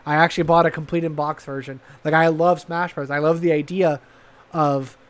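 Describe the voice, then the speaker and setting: At normal speed and smooth in delivery, a man with a high voice co-hosts a gaming podcast in casual chat. He rambles eagerly, frequently cutting off and restarting sentences, his tone relaxed and talkative.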